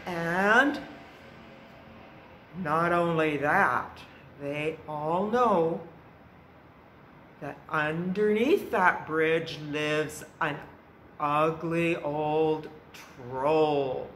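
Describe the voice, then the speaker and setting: A woman presenting a library storytime, telling a folk tale to young children in a slow, expressive way. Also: low voice. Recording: roomy echo with faint background noise.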